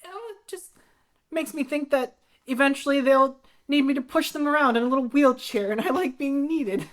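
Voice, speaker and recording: A woman's voice: high-pitched, normal speed, close to an everyday voice. A woman improvising a naive, lovesick young woman who is a gangster's sweetheart, in an audio comedy. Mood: dreamy. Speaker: improv performer.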